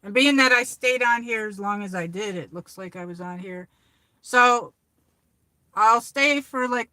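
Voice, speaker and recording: A rambling woman with a New York accent chats casually on her livestream, reading out viewer comments as she goes. Her voice is bright and forward, and the sound is close and dry with no room around it. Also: medium pitch, no echo. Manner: rambling, chatty, reads viewer comments aloud. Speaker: livestream host. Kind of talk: casual live chat with viewers. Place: car on a drive.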